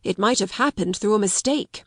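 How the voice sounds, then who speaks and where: A woman reading the part of a frail older invalid gentleman, breathless and urgent. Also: mid-range voice, moderate pace, no room sound, studio quality, natural voice.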